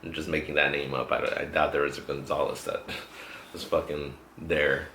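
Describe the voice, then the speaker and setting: A man's voice: a bass voice, little pitch movement, normal speed, pushed and bright. A man hosting a podcast, telling a rambling story with lots of swearing in casual chat. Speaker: podcast host. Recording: echoey room, faint noise.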